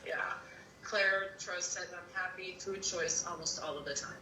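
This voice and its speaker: A woman's voice: on the low side, steady tone, a little slow, bright, forceful tone, distant mic, slight background noise. A woman co-hosting a live stream, chattily reading viewer comments aloud. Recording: roomy sound from off-mic.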